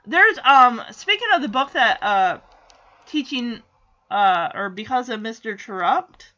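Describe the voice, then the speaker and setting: A woman's voice: fairly high pitch, lively intonation, measured pace, sharp tone, dull audio. A woman in casual recap chat, chatty and giggly, acting out character lines as she goes. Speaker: TV show recapper.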